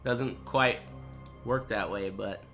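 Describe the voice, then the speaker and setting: Man, streamer, crude rambling banter, unhurried delivery. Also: lowish voice, sharp tone, faint music behind. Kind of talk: casual livestream chat.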